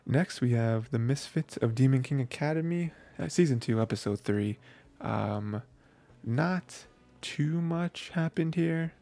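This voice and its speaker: A man hosting a podcast, recapping anime episodes in a rambling, excitable way full of filler phrases. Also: mid-range voice, unhurried, gravelly. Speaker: podcast host.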